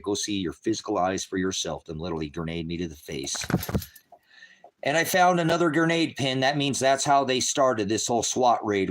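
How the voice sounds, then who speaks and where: A middle-aged man preaching on his own ministry stream, angry and cursing, swinging from shouted rants to quiet murmurs. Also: low voice, a little hiss or hum. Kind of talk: impassioned livestream preaching.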